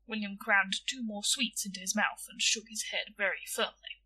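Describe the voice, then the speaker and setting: A woman narrating a storybook in a lively, expressive reading. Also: mid-range voice, moderate pace, breathy edge, recorded from a distance, low-quality recording.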